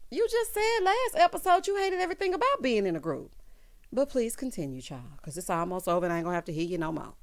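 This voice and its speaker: A woman giving a casual recap of a reality show, with sassy asides and loud bursts of laughter. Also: mid-range voice, big pitch swings, fast. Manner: reads out quotes in other voices.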